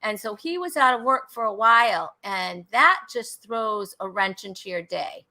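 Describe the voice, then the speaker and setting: A woman's voice: medium pitch, expressive, moderate pace, pushed and bright. A middle-aged woman hosting a live talk show on a video call, friendly and hesitant, with plenty of fillers.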